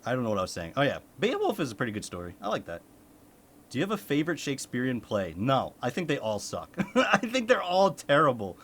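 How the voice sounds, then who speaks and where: A man's voice: mid-range voice, huge pitch swings, quick pace, slight background noise. A young man from the United States, a streamer chatting casually with his chat, laughing often and swearing.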